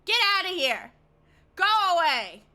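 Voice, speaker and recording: A woman streamer chatting casually while she plays, excitable and quick to swear, often breaking into laughter. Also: high voice. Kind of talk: casual live-stream chat.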